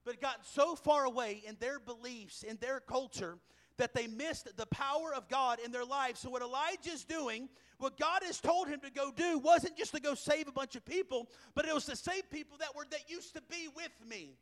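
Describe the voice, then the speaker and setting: Man, very high voice, lively preacher, sermon storytelling, bursts of loud emphasis. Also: moderate pace. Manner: animated storytelling preacher who laughs and raises his voice for emphasis. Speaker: pastor.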